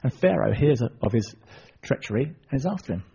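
A man preaching, retelling a story in a lively sermon with asides to the audience. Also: medium pitch, normal speed, gravelly, breathy edge. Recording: dull lo-fi recording.

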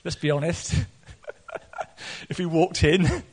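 An earnest male preacher delivers a sermon, his slightly high voice climbing sharply whenever he gets excited. He laughs often between points. He keeps an open, personal tone throughout. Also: takes it slowly. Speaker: pastor.

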